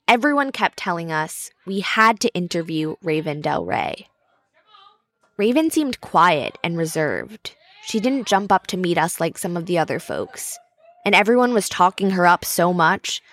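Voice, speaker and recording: A woman's voice: lowish voice, fairly bright tone. A woman narrating a podcast episode in a conversational, scripted storytelling style.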